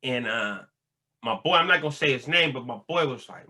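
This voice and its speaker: A man's voice: mid-range voice, expressive, fairly quick, sharp tone. A man telling prison stories in a laid-back, slangy way with lots of fillers. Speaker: vlogger talking about prison life. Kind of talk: casual storytelling monologue.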